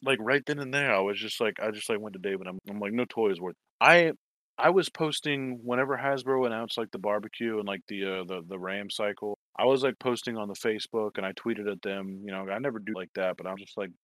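A man's voice: fairly low pitch, a little fast, a bit bright, no echo. Man ranting a rambling story. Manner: profane, rambling storytelling with quoted asides. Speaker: toy collector telling a story. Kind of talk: casual chat.

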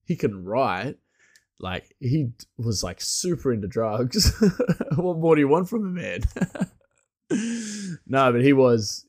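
A man with a somewhat low voice talks in a loose, casual ramble. He sounds enthusiastic and unpolished, often restarting his sentences. Filler words like "like" and "you know" run all through his speech. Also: a little mellow.

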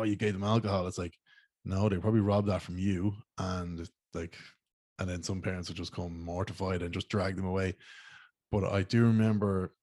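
A man's voice: low voice, darkish tone, no room sound. A young Irish man telling rambling, slangy stories in a casual monologue and swearing freely. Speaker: podcast host.

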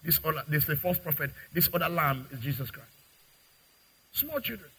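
Man, pastor, sermon, high bright voice, husky, dramatic swings in loudness. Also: animated, brisk, poor audio. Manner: preaching with dramatic acted-out dialogue and big swings in loudness.

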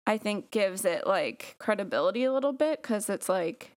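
A woman's voice: mid-range voice, lively intonation, normal speed, darkish tone. A woman hosting a casual podcast, chatty and giggly, rambling with many fillers. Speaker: podcast host. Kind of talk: casual chat.

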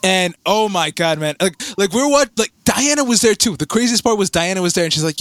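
A young man co-hosting a podcast, chatting casually with lots of stammered restarts and excited rambling. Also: high-pitched, fairly quick, few pauses, no echo. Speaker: podcast co-host. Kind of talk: casual chat.

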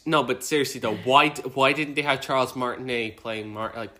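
A man's voice: medium pitch, brisk, pushed and bright. A man co-hosting a podcast, chatting casually, rambling and swearing as he riffs into rants. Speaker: podcast co-host. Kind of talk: casual chat.

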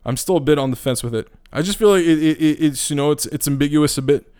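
A male podcaster ranting into his mic in a blunt, profane, rambling way, stumbling over restarts. His voice is smooth and resonant and sits slightly high for a man. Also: fast talker, darkish tone. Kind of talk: casual ranting monologue. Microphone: podcast microphone.

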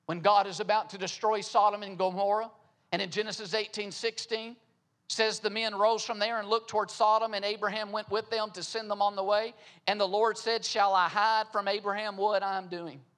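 Man, very high voice, sermon, rhetorical questions, repeated phrases. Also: flat delivery, normal speed, fairly bright tone. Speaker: preacher.

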